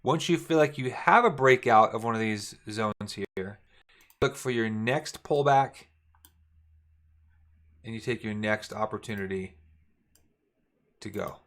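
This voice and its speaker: A man's voice: fairly low pitch, a little slow, long pauses, fairly bright tone. Casual man teaching chart trading. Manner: casual, repetitive, talks while drawing charts. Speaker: trading instructor. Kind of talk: screen-share trading lesson.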